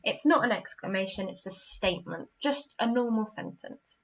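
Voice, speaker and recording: English woman primary teacher, bright and encouraging, lo-fi home lesson recording. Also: a little high, normal speed, hardly any pauses. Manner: clear, encouraging, acts out example sentences with expression. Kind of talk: recorded online lesson for young children.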